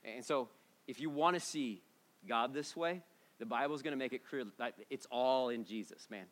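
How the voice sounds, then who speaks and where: A man preaching a sermon in a church, casual and joking, swinging between loud bursts and hushed moments. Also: mid-range voice, normal speed. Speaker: pastor.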